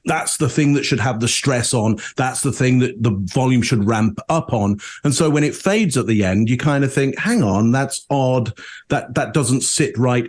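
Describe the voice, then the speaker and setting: A man on a behavior analysis panel, explaining deception cues casually and acting out quoted tones as he goes. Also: mid-range voice. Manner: animated, acts out quoted tones.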